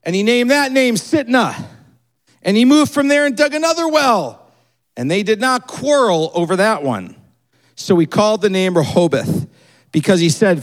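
Animated high-voiced male preacher. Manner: animated, acts out the people in the story with quick shifts in voice. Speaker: pastor. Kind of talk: sermon.

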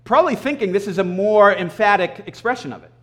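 Male preacher, high pitch, casual animated sermon style with throat clearing between points. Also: fast. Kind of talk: conversational sermon.

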